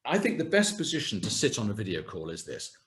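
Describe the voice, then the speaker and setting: A man's voice: lowish voice, fast talker. A man coaching viewers on voice and posture in a webinar, demonstrating as he talks over a video call. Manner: lively, hands-on, demonstrating as he speaks. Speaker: communication and voice coach. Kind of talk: webinar talk with practical exercises.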